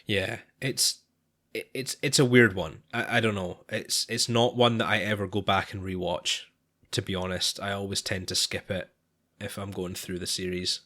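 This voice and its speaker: Male podcast co-host, lowish voice, halting casual delivery with restarts. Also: steady tone, bright, forceful tone. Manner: hesitant, lots of restarts and sighs. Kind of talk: casual chat.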